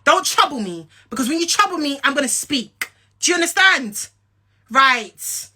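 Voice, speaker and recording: A woman's voice: high-pitched, big pitch swings, moderate pace, sharp tone. Blunt, profane young woman from Essex. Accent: London and Essex English. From England. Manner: blunt, profane and confrontational, repeating lines for emphasis. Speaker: social media personality. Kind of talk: angry direct-to-camera rant.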